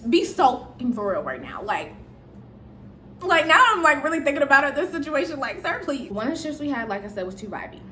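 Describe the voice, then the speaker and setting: A young woman telling a story from her life in casual chat, animated and playful, jumping up in pitch for emphasis. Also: fairly quick, a little hiss or hum.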